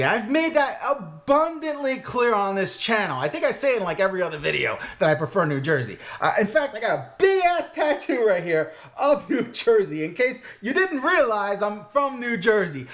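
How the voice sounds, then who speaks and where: A man's voice: high voice, a bit bright. A middle-aged man with a Brooklyn Italian-American accent, chatting bluntly and casually to his channel's viewers, joking about himself and swearing now and then. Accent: Brooklyn Italian-American New York. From Brooklyn, New York. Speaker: channel host. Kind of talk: casual live-stream chat.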